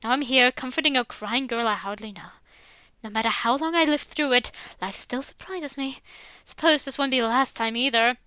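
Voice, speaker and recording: A woman narrates a visual novel in the first person and breaks off into casual, rambling asides. Her voice is bright and smooth, a little high, recorded close and dry. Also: moderate pace, no room sound. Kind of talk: reading a visual novel aloud with commentary.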